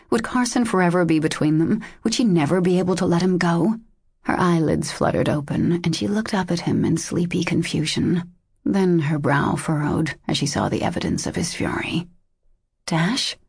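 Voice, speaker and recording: A woman narrating a romance audiobook in a steady, measured way. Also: low-pitched, vocal fry, slightly rough, no room sound, studio quality. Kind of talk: scripted narration.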